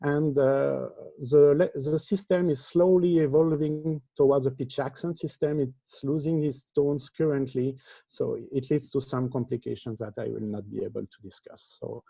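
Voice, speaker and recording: Guy giving a linguistics talk, kinda halting and explanatory, low gravelly voice, dry sound. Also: steady tone, warm tone, dry recording. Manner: halting, explanatory delivery with frequent pauses. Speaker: linguistics lecturer. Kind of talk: academic conference talk.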